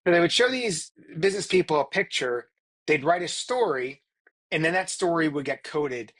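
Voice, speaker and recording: A man's voice: a little high, lively intonation, moderate pace, a bit bright. A middle-aged man speaking earnestly as a guest on a casual podcast interview, often restarting his sentences. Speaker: guest, performance psychologist.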